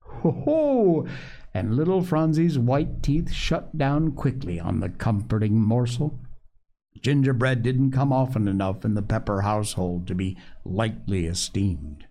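A man hosting a show who reads an old children's book aloud in a lively, expressive storytelling manner. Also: lowish voice, unhurried. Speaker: podcast host reading a book aloud. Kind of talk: reading a children's classic aloud.

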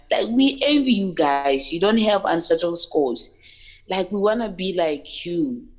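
A woman from Africa speaks as a podcast guest, in a fairly low voice. She talks earnestly, often restarting and repeating words as she works through her thoughts. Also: lively intonation, measured pace. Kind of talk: casual interview chat.

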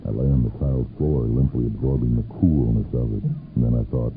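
Gravelly deep-voiced man reading a story. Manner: measured, brooding delivery with drawn-out pauses. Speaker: narrator. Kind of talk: dramatic first-person story reading for radio. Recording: lo-fi narrow-band 1970s radio recording with faint music.

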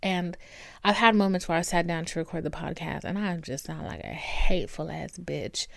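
A woman hosting her own podcast alone at home, talking candidly and swearing freely, with warm pep-talk asides to her listeners. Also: fairly low pitch, moderate pace, creaky, no echo. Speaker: podcast host. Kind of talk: casual solo podcast monologue. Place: indoors at home with her dog. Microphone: camera recording.

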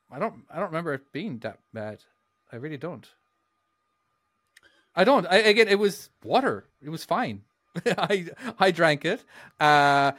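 A man's voice: on the high side, a bit bright, dry recording, studio quality. A man co-hosting a casual podcast, telling a story in a rambling, hesitant way with many restarts. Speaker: podcast co-host.

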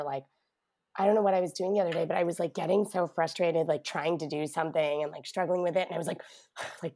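A middle-aged woman clinician, a podcast guest, explaining parenting ideas in a calm, reassuring way. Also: deep voice. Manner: warm, reassuring, explains calmly. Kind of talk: casual podcast conversation.

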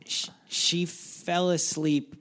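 A man guesting on a live comedy podcast, talking in a soft, hesitant way with many fillers. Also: fairly high pitch, level tone, very slow. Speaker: guest comic artist. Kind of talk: casual chat.

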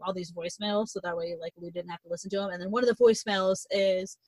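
A woman's voice: lowish voice, steady tone, fast talker, darkish tone, dry recording, poor audio. A young woman in casual chat, retelling a novel's plot in a rambling way, swearing freely and acting out the characters' lines.

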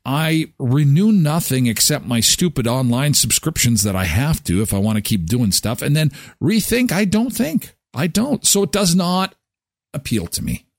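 A man's voice: on the high side, expressive, moderate pace, no room sound, clean studio sound. A middle-aged man hosting a live daily show, chatting casually in a jokey, self-deprecating way. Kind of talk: casual chat.

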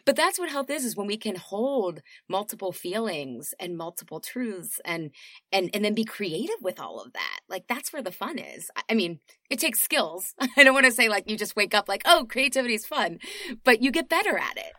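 A woman guest on a podcast, talking casually and animatedly, laughing often and jumping up in pitch. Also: very animated, moderate pace, bright, forceful tone, no echo, studio quality. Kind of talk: casual chat.

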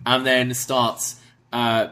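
A man with a British accent softened by years in Canada, co-hosting a casual podcast and lively acting out quotes as he recaps a show. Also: mid-range voice, drawn-out words. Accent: British with Canadian mix. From Britain. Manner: lively storyteller, acts out quotes. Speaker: podcast co-host.

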